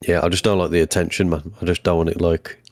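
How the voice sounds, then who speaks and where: A man's voice: deep voice, flat delivery, fast, no echo, clean studio sound. A man co-hosting a podcast, laid-back and sweary. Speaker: podcast co-host. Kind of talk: casual chat.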